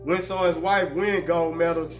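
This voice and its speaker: A man hosting a casual sports talk show, animated and joking, full of slang. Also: on the high side, moderate pace, faint music behind.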